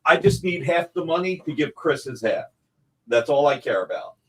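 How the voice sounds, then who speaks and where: A man talking through prices and payment options on a casual live stream, circling back over the same terms as he goes. His voice sits a little high for a man. He sounds like a seller walking buyers through a deal. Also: very animated, moderate pace, a bit bright, low-quality recording. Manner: businesslike, rambling explanations of payment terms. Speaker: comics publisher selling original art.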